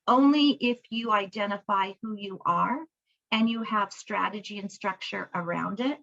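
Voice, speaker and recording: A book coach speaks over a video call in a gravelly, medium-pitched voice that's a bit bright, at a moderate pace and with lo-fi sound. She teaches conversationally through stories, acting out pieces of dialogue.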